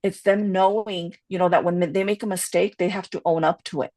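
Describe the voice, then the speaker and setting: In a dry recording, a woman with a fairly low, steady, slightly mellow voice talks fairly quickly as she co-hosts a laid-back podcast. She tells candid stories, slips in Spanish, and fills her chatter with "you know."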